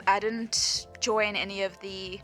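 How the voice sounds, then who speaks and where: Bright-voiced woman telling a story. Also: mid-range voice, flat delivery, slow pace. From South Africa. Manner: chatty, lots of "like", laughs often while telling. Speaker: vlogger. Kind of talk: storytime voice-over. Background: faint background music.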